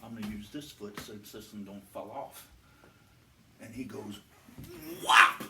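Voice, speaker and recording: A man doing stand-up, telling a story slowly and with animation. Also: fairly low pitch, fairly even intonation, echoey room, distant mic, very noisy. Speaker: stand-up comedian.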